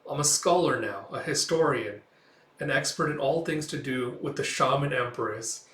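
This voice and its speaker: A man reading a gentle young woman scholar. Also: mid-range voice, normal speed, distant mic, close to an everyday voice. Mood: sincere. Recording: roomy echo.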